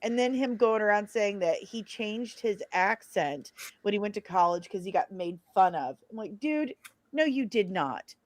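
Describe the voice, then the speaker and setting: A woman's voice: mid-range voice, normal speed, few pauses, dry recording. A woman from St. Louis with a local accent, chatting casually and ranting with sarcastic exasperation on a live art stream call. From St. Louis, Missouri. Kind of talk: casual chat.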